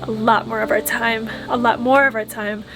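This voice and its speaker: A woman's voice: fairly high pitch, little pitch movement, moderate pace, over music. A young woman chatting playfully in a casual travel vlog. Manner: playful, giggly. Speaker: vlogger.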